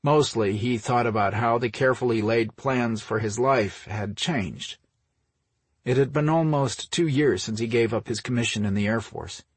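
A man reading an audiobook as the narrator, in steady, even storytelling. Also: mid-range voice, normal speed, slightly rough, no echo. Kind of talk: scripted narration.

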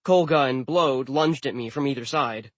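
A man reading a first-person audiobook narration with wry, deadpan humor. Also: mid-range voice, moderate pace, dry recording. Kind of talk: scripted narration.

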